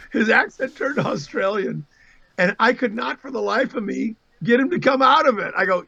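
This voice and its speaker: Bright, animated man telling stories. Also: high-pitched, a little fast, vocal fry, no room sound, highs cut off. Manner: animated storyteller, laughs often. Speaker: voice actor guest. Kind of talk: casual livestream chat.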